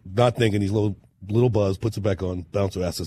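A man, a musician guest on a talk show, telling animated stories that he laughs through and acts out. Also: fairly low pitch, quick pace, a little hiss or hum. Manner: lively storyteller, laughs through punchlines, acts out quotes.

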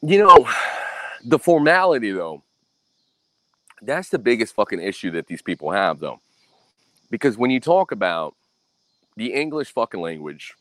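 This young man from the US swears freely in a blunt, ranting story-monologue, constantly adding "right?" His tone is bright and forceful, his pitch low-leaning but jumping all over. It's a close, dry recording with little room sound.

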